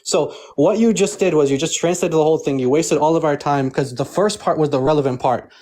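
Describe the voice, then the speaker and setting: A man's voice: fairly high pitch, a little fast, a little mellow. A man in an online debate who argues his point firmly and at length and has little patience for interruptions. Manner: assertive, impatient with interruptions, explains at length.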